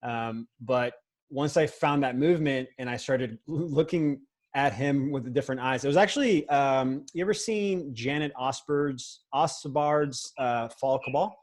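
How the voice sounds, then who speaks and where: A man's voice: mid-range voice, unhurried, low-quality recording. A man talking in a casual conversation as a guest, rambling with frequent restarts and fillers. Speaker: podcast guest, film co-founder.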